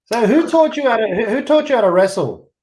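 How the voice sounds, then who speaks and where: A man co-hosting a podcast, asking questions in a halting way and repeating words. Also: extremely high pitch, expressive, very noisy. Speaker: podcast co-host. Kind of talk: casual interview chat.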